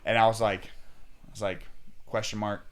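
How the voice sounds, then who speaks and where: A young man casually telling a story as a podcast guest, animated and acting out both sides of the talk. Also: fairly low pitch, moderate pace.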